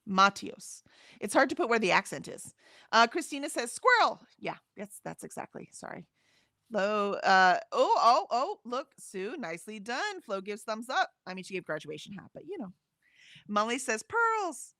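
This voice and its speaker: A woman's voice: fairly high pitch, big pitch swings, moderate pace, a bit bright, dry recording, clean studio sound. A woman co-hosting a casual livestream, reading chat comments aloud and chatting, often laughing and trailing off mid-sentence.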